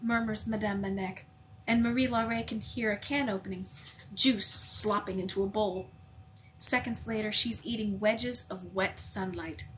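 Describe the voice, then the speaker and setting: A woman reading a novel aloud in a measured, unhurried way, slowing on vivid passages. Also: medium pitch, steady tone, fairly bright tone, a little hiss or hum, rough recording. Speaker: audiobook reader.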